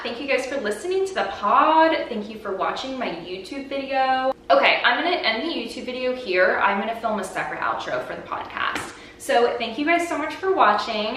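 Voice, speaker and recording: A young woman vlogger recounts her story in an easy, animated ramble, peppered with "like". Her voice sits at a middling pitch and carries a strong room echo. She sounds a bit off-mic, with faint noise underneath. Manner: chatty, heavy use of "like", animated retelling. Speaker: vlogger and podcast host. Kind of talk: casual storytelling chat. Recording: very echoey room, voice from a distance, faint background noise.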